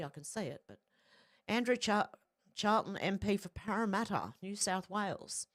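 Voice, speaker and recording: An Australian woman reading out social media posts and commenting on them in a casual, blunt, profane way, with frequent asides. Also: medium pitch. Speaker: political commentary vlogger.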